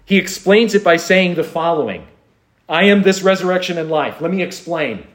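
A man's voice: fairly high pitch, animated, normal speed. A man preaching a sermon, earnest, with rhetorical questions and repeated refrains. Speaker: pastor. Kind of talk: expository sermon.

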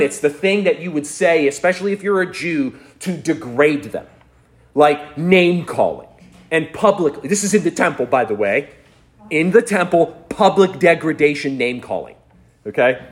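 A man preaching a sermon in a conversational, storytelling way, chuckling now and then. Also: fairly high pitch. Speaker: pastor.

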